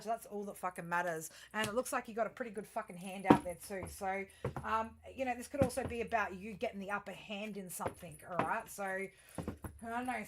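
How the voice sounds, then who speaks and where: A woman's voice: on the high side, fairly bright tone. A woman giving a casual tarot and astrology reading, talking straight to her viewers in a rambling, profane, chatty way, full of fillers and restarts. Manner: chatty, self-interrupting, frequent fillers.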